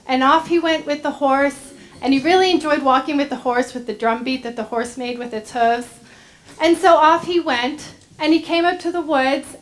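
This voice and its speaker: A woman gently telling a story to children during a church service. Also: high voice. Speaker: director of religious education. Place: church sanctuary.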